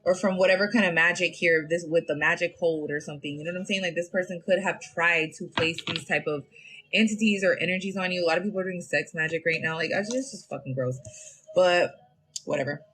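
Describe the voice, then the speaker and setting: A woman's voice: on the low side, fast, a bit bright, breathy edge. Woman doing a live tarot reading on her phone, cussing a lot, rambly and blunt. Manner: profane, blunt, slangy and rambling. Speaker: tarot reader.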